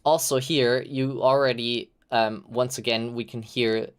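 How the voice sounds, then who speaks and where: A man's voice: medium pitch, fairly even intonation, unhurried, clean tone. A man hosting a live stream, giving loose, chatty feedback full of "like" fillers and the odd swear. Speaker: host reviewing game audio reels.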